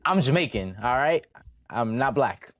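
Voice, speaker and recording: A man's voice: medium pitch, expressive, measured pace. A man co-hosting a podcast in casual banter, joking and stumbling over repeated words. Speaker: podcast co-host.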